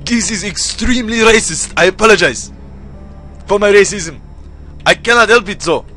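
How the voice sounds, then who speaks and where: A man's voice: high-pitched, lively intonation, moderate pace, bright, forceful tone, faint music behind. A young man commentating a video game, rambling and self-deprecating as he tries out exaggerated joke accents. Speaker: gaming video host. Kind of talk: let's play commentary.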